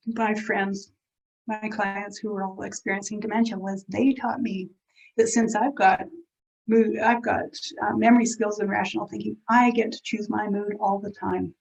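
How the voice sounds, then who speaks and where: Gravelly-voiced woman giving an earnest talk. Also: medium pitch. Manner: earnest, reflective, with pauses and restarts. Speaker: speaker on dementia caregiving. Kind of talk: heartfelt talk to an audience. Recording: dull lo-fi event recording.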